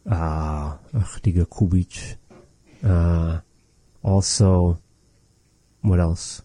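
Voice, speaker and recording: A man teaching phrases in a casual language lesson, patient, repeating words slowly and joking now and then. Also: deep voice, fairly even intonation, dark tone.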